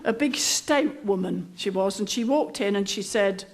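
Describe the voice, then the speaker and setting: A woman's voice: medium pitch, lively intonation, normal speed. A middle-aged woman telling a humorous anecdote in a dry, self-mocking, conversational manner. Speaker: comic storyteller. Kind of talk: humorous anecdote told on stage.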